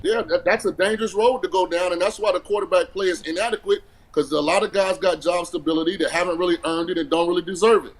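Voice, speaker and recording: A man appearing as a guest analyst on a sports show, arguing quickly with many restarts. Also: high-pitched, fairly even intonation, husky, low-quality recording. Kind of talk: casual sports talk.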